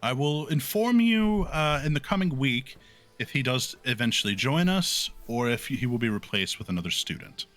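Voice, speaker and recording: A man's voice: mid-range voice, big pitch swings, moderate pace, fairly bright tone. A man voicing a strict, formal woman professor addressing her class. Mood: stern. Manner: stern and formal.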